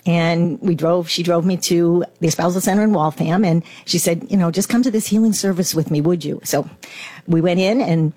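A middle-aged woman, a guest telling her personal testimony with animated acted-out quotes. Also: fairly low pitch, moderate pace, no room sound. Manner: animated storyteller, acts out quotes.

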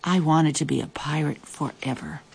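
A woman reading a children's story aloud in a lively, expressive way. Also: low voice, normal speed, creaky, slightly rough. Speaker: storybook reader.

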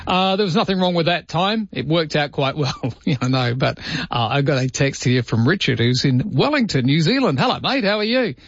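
A chatty male radio host, working through listener texts on a late-night talkback show. His voice is a little husky and dry, and the broadcast sound is slightly dull. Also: on the high side, animated, fairly quick, no room sound. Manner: chatty, reads out listener texts and greets callers by name.

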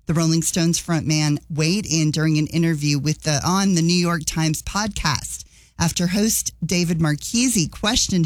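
A woman's voice: low-pitched, dry recording. A woman radio host giving casual, opinionated news commentary with wry asides.

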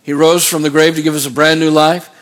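Preaching man with a higher voice. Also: level tone, brisk. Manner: preaching with call-and-response questions to the congregation. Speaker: pastor. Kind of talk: sermon.

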